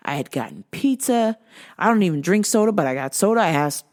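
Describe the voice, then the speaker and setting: A woman hosting her own show, ranting in a casual, animated and exasperated way, swearing freely. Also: on the low side, a little fast. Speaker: show host.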